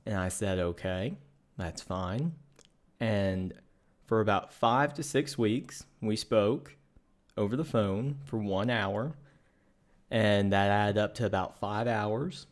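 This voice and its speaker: An earnest young man with a somewhat low voice recounts a personal experience. He speaks in a measured, matter-of-fact way, explaining himself step by step. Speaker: podcast co-host. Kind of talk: personal storytelling.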